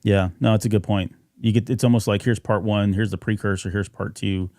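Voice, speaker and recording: A man's voice: lowish voice, steady tone, brisk, darkish tone, dry recording, studio quality. A man co-hosting a fan podcast, chatting casually and rambling with fillers and restarts. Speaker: podcast co-host.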